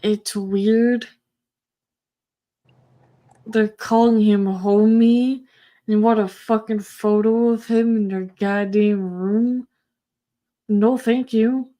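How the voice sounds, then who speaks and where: Slow-talking woman, casual and sweary. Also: fairly high pitch, fairly even intonation, dark tone. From partly Southern US. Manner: casual, swears a lot, trails off and restarts. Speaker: co-host reviewing an episode. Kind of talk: casual live-stream chat.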